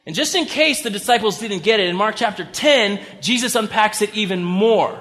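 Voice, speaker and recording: A man's voice: high voice, moderate pace, a bit bright. A man preaching a sermon as pastor, in a conversational style with humorous asides. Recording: long reverb of a large hall.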